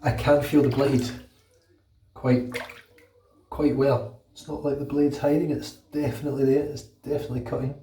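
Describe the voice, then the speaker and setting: A warm, medium-pitched British male voice keeps a level tone and moderate pace while he shaves his head at home and vlogs. He rambles, chats and swears freely, slightly unwell with a cold. It's recorded off-mic in an echoey bathroom with a little hiss or hum.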